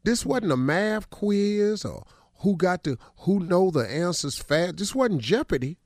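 A middle-aged man hosting a radio show, telling a story in a relaxed, colloquial way during casual morning chat. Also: high voice, unhurried, no room sound, clean studio sound.

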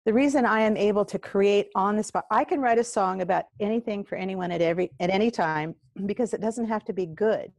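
An older woman chatting as an interview guest, with a voice sitting in the middle of the range. She tells lively stories and slips into quoted voices as she goes. The sound is dry and close, with no room around it. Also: medium pitch, brisk, creaky, few pauses, no echo. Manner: animated storyteller who acts out quoted voices. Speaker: guest, courage coach and singer-songwriter. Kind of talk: casual interview conversation.

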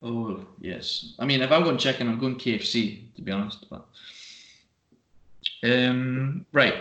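A man hosting a podcast, swearing freely and telling animated stories in casual banter. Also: medium pitch, measured pace, roomy sound, dull audio. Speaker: podcast host.

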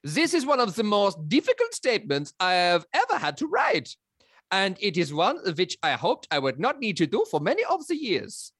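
A man doing an earnest German football coach reading his farewell, with a thick put-on German accent and a voice that climbs high and swings all over. The sound is bright and dry, close to the mic. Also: huge pitch swings, normal speed, breathy edge, no echo, heavily acted. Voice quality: lilting, rising pitch.

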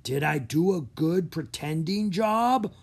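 Reader doing a big ogre, chanting slow, kind of husky. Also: mid-range voice, lively intonation, voice pushed up, exaggerated voice. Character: big-bellied hungry ogre, secretly a softie.

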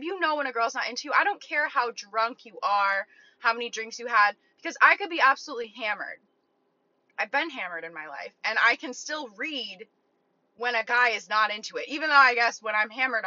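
Blunt, bright-voiced young woman. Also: a little high, no room sound. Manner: blunt, profane, filler-heavy. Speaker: online content creator. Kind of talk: casual storytelling. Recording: dull lo-fi recording.

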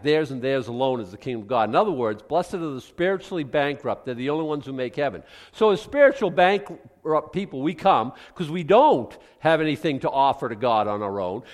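A man preaching a sermon as pastor, animated, swinging from hushed asides to loud exclamations. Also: a little high, long reverb tail.

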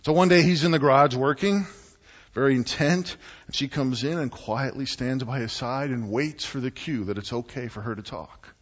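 A man preaching a sermon as pastor, telling stories and acting out quotes with animated delivery. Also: mid-range voice, moderate pace. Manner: animated storytelling with acted-out quotes. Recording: muffled sound in a reverberant hall.

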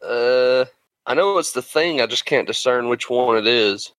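A man's voice: medium pitch, unhurried, a bit bright, no echo, poor audio. A man trading profane jokes and rambling guesses in a casual movie quiz with friends. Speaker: quiz contestant. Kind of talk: casual banter.

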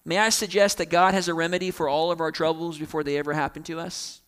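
A young man preaching a sermon, animated, acting out quoted voices along the way. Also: a little high, fast, smooth. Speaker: pastor.

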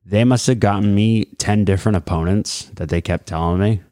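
A man in his late twenties with a deep voice, a fighter telling his story as a podcast guest in a rambling, casual way. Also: fairly quick, warm tone, no room sound, clean studio sound. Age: late 20s. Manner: rambling, many fillers and acted-out quotes. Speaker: guest, mixed martial arts fighter.

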